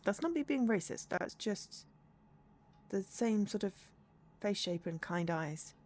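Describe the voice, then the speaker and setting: Sleepy and yawning, a woman chats her way through a story game on stream, rambling, giggling and correcting herself as she goes. Her voice is mid-range and expressive, with a darkish tone and an unhurried pace.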